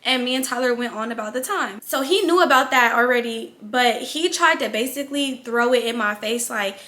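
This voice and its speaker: A high-pitched woman with a bright, sharp voice tells a storytime tale. She is animated and blunt, and she cusses as she talks. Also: fairly quick. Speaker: vlogger. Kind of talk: storytime narration.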